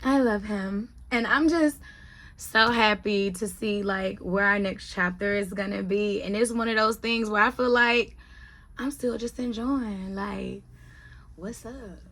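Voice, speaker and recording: A woman's voice: medium pitch, a little slow. A woman in her thirties chatting casually in a vlog, telling stories animatedly and talking straight to her viewers. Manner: chatty, animated storytelling, addresses viewers as y'all. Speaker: vlogger. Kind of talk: casual monthly update vlog.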